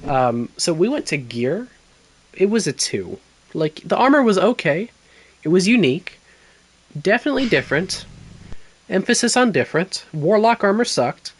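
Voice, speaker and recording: A man's voice: high-pitched, very animated, normal speed. Bantering man in a gaming chat. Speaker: podcast co-host.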